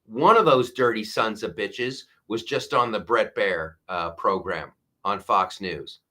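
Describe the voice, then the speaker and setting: A man with a bright, tense voice hosts a political commentary monologue. He rants with sarcasm and plenty of profanity. He mocks his opponents in put-on voices. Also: on the low side, measured pace. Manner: mocking mimicry of opponents. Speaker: show host.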